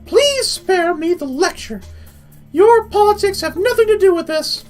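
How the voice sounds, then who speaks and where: A man voicing a sharp-tongued woman team leader in a high falsetto, reading a game's lines aloud. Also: animated, a little slow, soft background music. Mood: bossy. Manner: falsetto, bossy and clipped.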